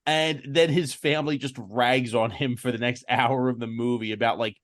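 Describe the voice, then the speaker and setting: A man's voice: mid-range voice, steady tone, normal speed, hardly any pauses. A man co-hosting a podcast, laughing and mockingly riffing on a movie with plenty of swearing. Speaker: podcast co-host. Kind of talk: casual movie chat.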